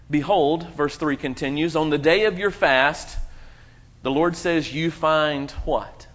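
Man, pastor, sermon, fairly high voice, emphatic pauses, muffled lo-fi sound. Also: a bit bright. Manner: emphatic preaching with dramatic pauses. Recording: muffled low-fidelity sound.

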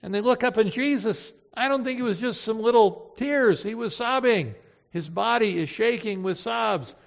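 A man's voice: high-pitched, moderate pace, vocal fry. Impassioned preacher man in an echoing hall. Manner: emotive, swings from hushed to impassioned. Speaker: pastor. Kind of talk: sermon. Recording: reverberant hall, dull lo-fi sound.

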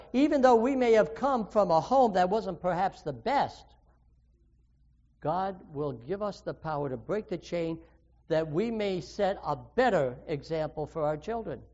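Man, high-pitched, preacher, sermon, earnest, questioning, muffled lo-fi sound. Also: darkish tone. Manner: earnest, questioning, with sudden emphatic rises. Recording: dull lo-fi recording.

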